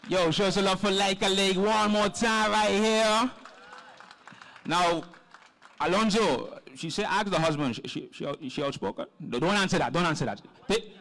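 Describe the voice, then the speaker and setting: A man emceeing a live poetry night, his voice sitting fairly high. He jokes with the audience and teases people playfully between acts. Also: fairly bright tone. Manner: joking, playful, teasing the crowd. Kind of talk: live event hosting banter.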